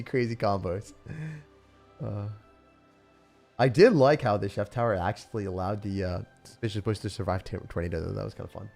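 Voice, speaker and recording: A young man giving live commentary as he plays and rates card decks, excitable, with loud outbursts and laughter. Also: lowish voice, normal speed, creaky. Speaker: streamer playing and rating decks. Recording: faint music behind.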